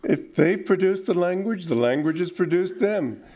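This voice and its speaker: A man's voice: high-pitched, expressive, normal speed, dark tone. An older man giving an informal spiritual talk, reflective, with chuckling asides and playful mimicry. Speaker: spiritual teacher.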